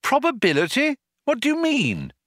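A man's voice: sits high, wildly swooping pitch, unhurried, pushed and bright, dry recording, clean studio sound, voice pushed up, heavily acted. A man voicing a bewildered, anxious young man who keeps asking exasperated questions. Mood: baffled.

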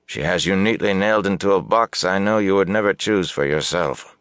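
A man voicing a blunt, protective older lord who speaks frankly and briskly. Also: low-pitched, a bit bright, clear, resonant tone, dry recording, clean studio sound, voice pushed up. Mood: earnest.

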